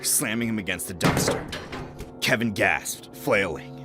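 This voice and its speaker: A man narrating a scripted horror story with dramatic, expressive storytelling. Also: lowish voice, moderate pace, over music.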